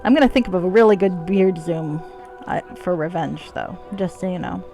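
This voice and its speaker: A woman's voice: on the low side, moderate pace, vocal fry, warm tone, faint music behind. A woman streaming a video game, chatting casually in a playful, joking way and swearing freely. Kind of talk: casual gameplay commentary.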